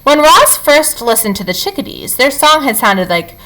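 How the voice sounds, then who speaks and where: Expressive woman reading a story aloud. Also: sits high, normal speed, poor audio. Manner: expressive, animated. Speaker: reader.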